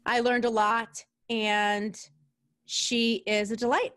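A woman's voice: on the high side, little pitch movement, takes it slowly, fairly bright tone. A woman with a New York accent hosting a podcast interview, chatty and bubbly, laughing often. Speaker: podcast host. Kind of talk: casual interview chat.

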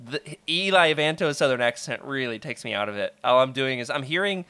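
A man from the American South hosting a casual book-discussion podcast, animated and jokey, laughing often. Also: mid-range voice, a little fast, smooth, no room sound. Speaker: podcast host.

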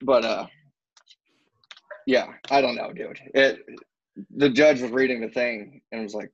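Husky young man telling a wild story. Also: medium pitch, unhurried, pauses often, no echo, lo-fi sound. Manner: animated storyteller, acts out quotes, swears freely. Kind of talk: casual storytelling among friends.

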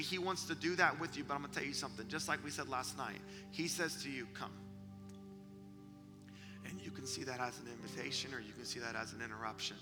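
A man preaching a sermon to young people, telling stories with energy and dropping to a hushed whisper for emphasis. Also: medium pitch, quick pace. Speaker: youth preacher. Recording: long hall reverb with music behind.

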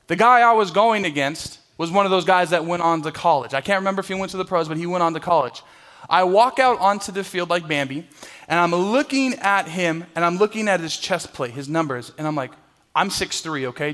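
A young man preaches to his church in a slightly higher voice. He tells his stories with energy and acts out the people in them, then moves into prayer and scripture. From Southern California. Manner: animated storyteller, acts out voices. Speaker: pastor. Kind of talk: sermon with a personal story.

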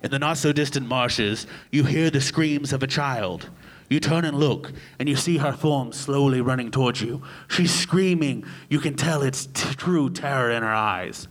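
A man's voice: medium pitch, moderate pace. A man serving as game master, narrating a tabletop game with dramatic storytelling.

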